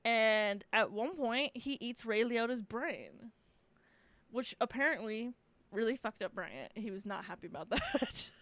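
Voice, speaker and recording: Podcast lady chatting, kinda high voice that swoops around, swears a lot, laughs a bunch. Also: lively intonation, a little slow, fairly bright tone, dry recording. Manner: gushing, swears freely, laughs often. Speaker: podcast host. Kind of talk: casual solo podcast chat.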